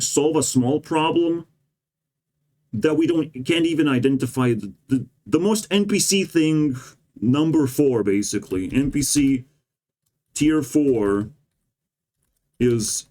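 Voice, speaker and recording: A man's voice: on the high side, warm tone. Man ranting sarcastically in a vlog. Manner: profane, rambling, sarcastic. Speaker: vlogger. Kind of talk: ranting monologue.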